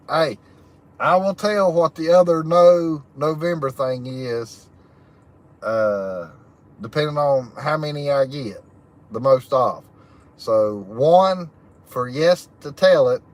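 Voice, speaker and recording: A man's voice: a little high, slow pace, pauses often. A man who hosts a livestream, reading out chat and laughing often in a folksy, drawling way. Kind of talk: casual live chat. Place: camping, in a chicken hut.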